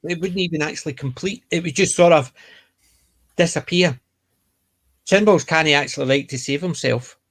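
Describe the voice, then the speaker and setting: A man with a somewhat high voice talks on a fan discussion panel. He is blunt and opinionated, slipping into mock quotes as he makes his case. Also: normal speed, pauses often. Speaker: podcast panelist. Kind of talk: casual chat.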